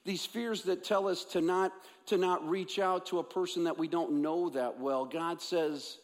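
A man's voice: fairly high pitch, steady tone, a little slow. A man preaching a sermon as pastor, earnest, repeating key phrases for emphasis. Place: church sanctuary. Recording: long hall reverb.

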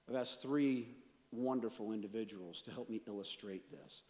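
A man preaching a sermon as pastor, swinging between hushed, intense asides and raised, emphatic points, and bantering playfully with volunteers. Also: mid-range voice, steady tone, fairly quick. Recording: long reverb of a large hall.

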